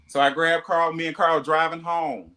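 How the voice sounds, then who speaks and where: Animated, bright-voiced man telling a story. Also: on the high side, normal speed. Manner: animated, acts out quoted dialogue, profane. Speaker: reality show cast member.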